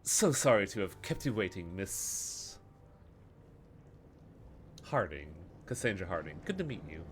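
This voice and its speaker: A man's voice: deep voice, sing-song, a little hiss or hum. A man doing a cultured, suave Russian smuggler. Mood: courteous. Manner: polite, measured, faintly menacing charm. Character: cultured middle-aged male Russian tech smuggler, smooth.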